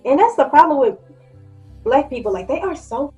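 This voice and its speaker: A woman in her twenties telling a story in a casual vlog, blunt and profane, with lively acted-out quotes. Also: sits high, normal speed, muffled recording, soft background music. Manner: blunt, profane, animated quoting. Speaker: vlogger.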